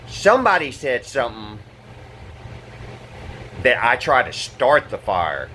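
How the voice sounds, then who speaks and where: A frustrated man vents in an angry vlog inside his fire-damaged apartment, swearing freely and stumbling through restarts. His voice sits at an ordinary middle pitch. A faint background hum runs under the recording. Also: very animated, normal speed, bright, forceful tone. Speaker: vlogger.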